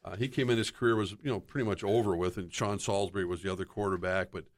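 A man's voice: sits low, fairly even intonation, quick pace. An older man, a sports broadcaster, telling rambling stories in casual chat and taking on voices for quotes. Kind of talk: casual storytelling.

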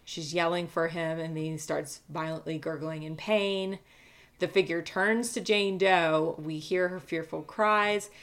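Low, gravelly woman telling a story. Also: a little slow. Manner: relaxed, many fillers, reads a transcript aloud. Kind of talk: casual storytelling chat.

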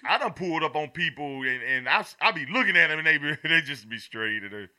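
Male co-host, very bright, lively pitch, animated storyteller who laughs and acts out quotes. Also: brisk. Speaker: podcast co-host. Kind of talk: casual chat.

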